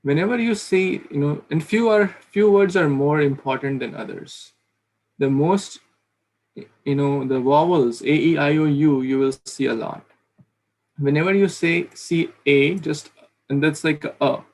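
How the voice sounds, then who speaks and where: A man's voice: a little high, a little slow, a little mellow. A man teaching pronunciation in an online class, patiently repeating sounds to demonstrate them. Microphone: video call.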